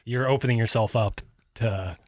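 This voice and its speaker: A man's voice: medium pitch, moderate pace, dry recording, clean studio sound. A young man co-hosting a sports radio show, rambling casually with lots of "like" and defending his opinions. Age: young adult. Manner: rambling, heavy use of "like", defensive. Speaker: radio co-host.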